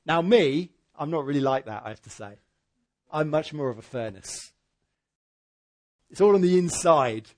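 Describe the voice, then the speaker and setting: A man preaching a sermon in church, swinging from loud emphatic peaks to quiet, low asides. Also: lively intonation, moderate pace, long pauses. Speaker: pastor.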